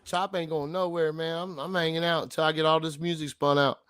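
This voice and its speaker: A man hosting a casual livestream, talking in loud, slangy bursts as he greets the chat. His voice sits a little high. The sound is dry, with no room around it. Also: level tone, a little fast, smooth, dry recording. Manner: hyped, slangy, shouting out the chat. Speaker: livestream host and DJ.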